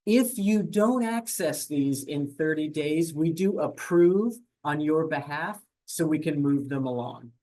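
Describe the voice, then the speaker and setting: A grants administration staff member walking viewers through an online portal in a webinar, talking fast with frequent fillers and self-corrections. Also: medium pitch, lively intonation, warm tone. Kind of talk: webinar screen-share walkthrough.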